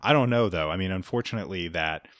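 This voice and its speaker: A man's voice: low-pitched, fast talker, fairly bright tone, no room sound, studio quality. A man co-hosting a casual history podcast, rambling with frequent chuckles and restarts. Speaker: podcast co-host.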